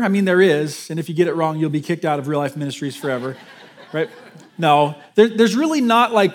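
A man preaching a sermon to his congregation in a conversational way, joking with them and restarting his sentences. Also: high voice. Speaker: pastor.

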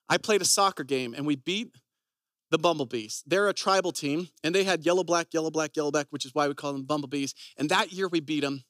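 A man with a notably high speaking voice delivers a sermon, weaving personal stories into earnest, conversational teaching. The sound is close and dry, with almost no room around it. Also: fairly bright tone, dry recording. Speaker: preacher.

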